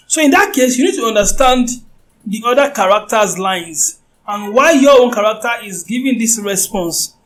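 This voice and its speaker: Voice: mid-range voice, poor audio. A voice acting teacher giving an informal lecture, talking conversationally and often checking that the listener understands.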